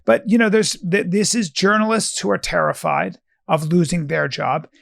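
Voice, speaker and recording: Man, very gravelly voice, high pitch, blunt and profane, casual podcast chat. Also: moderate pace, a bit bright, dry recording, clean studio sound. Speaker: podcast host.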